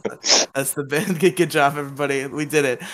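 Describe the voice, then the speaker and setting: A man's voice: a little high, steady tone, fast. Laughing, joking podcast host man. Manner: laughs often, joking and upbeat. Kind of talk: casual podcast chat.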